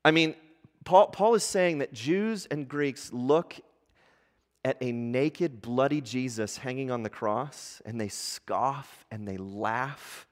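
A man's voice: medium pitch, slow pace. Preaching man in a reverberant church hall. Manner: animated preaching, reads aloud with rising intensity. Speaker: pastor. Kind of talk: sermon.

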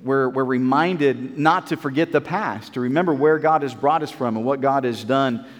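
A man's voice: mid-range voice, normal speed, big-room sound. A man preaching a Bible sermon in an earnest, repetitive way, with many fillers and restarts.

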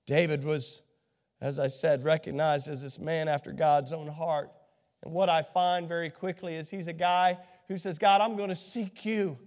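Male pastor with a high voice, under the weather, preaching hard in a big echoing sanctuary. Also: little pitch movement, normal speed. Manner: impassioned preaching, swings from hushed to shouting. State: scratchy throat from a cold. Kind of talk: sermon. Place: church sanctuary. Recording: long reverb of a large hall.

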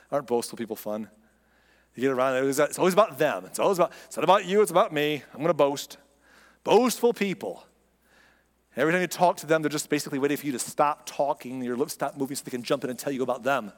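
A man's voice: on the high side, brisk. A man preaching a sermon in a conversational way, often acting out imagined speakers. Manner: conversational, acts out quoted voices. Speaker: pastor. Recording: long hall reverb.

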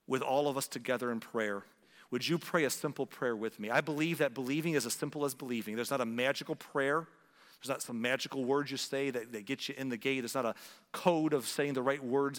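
A man preaching as a pastor, leading an earnest Easter altar call and a slow, hushed prayer in a church. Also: medium pitch. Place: church sanctuary. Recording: long hall reverb.

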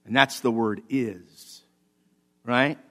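A man, a pastor, preaching a sermon with animated swings between loud emphasis and quiet asides. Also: fairly high pitch, moderate pace. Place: church.

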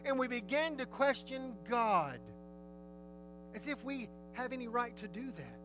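A man's voice: very high voice, measured pace, a little hiss or hum, poor audio. A man preaching a sermon, telling the story vividly and asking his listeners questions. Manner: lively, storytelling, asks the audience questions.

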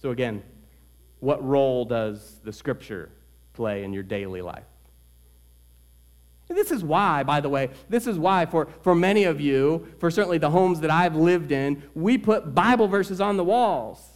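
A man preaching a sermon to his church, earnest, swinging between loud emphasis and quiet asides. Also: on the high side, expressive, unhurried. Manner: tells a joke story in the middle. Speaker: pastor.

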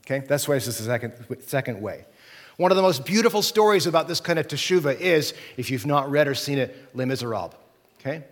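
A man's voice: medium pitch, lively intonation, fast, long reverb tail. A man preaching a sermon, talking conversationally and often checking in with "right?" and "okay?". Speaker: pastor.

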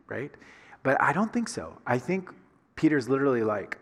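Husky Southern man preaching in a hall. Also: medium pitch, a little fast. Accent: Southern American. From Southern United States. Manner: conversational preaching with rhetorical questions. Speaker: pastor. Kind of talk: sermon.

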